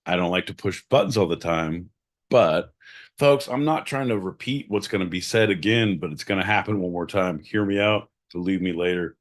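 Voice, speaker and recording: A man's voice: low-pitched, normal speed. Crude, boisterous podcast host man. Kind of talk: casual podcast chat.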